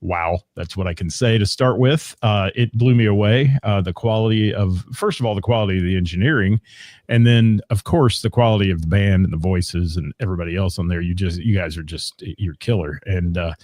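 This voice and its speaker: A man's voice: low voice, fairly quick, a little mellow, dry recording, studio quality. A man hosting a radio interview show, chatting in an upbeat, casual way with a lot of fillers.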